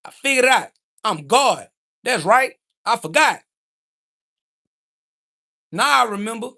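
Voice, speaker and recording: A man's voice: very high-pitched, lively intonation, measured pace, creaky, pushed and bright. A young man on a livestream, answering chat comments in a brash, profane, preachy monologue full of slang. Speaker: livestream host.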